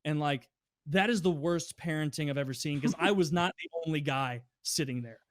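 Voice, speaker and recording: Animated young man telling stories. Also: fairly high pitch, a little fast, dry recording. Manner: animated, swearing, acts out quoted customers. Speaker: podcast co-host. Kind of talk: casual storytelling.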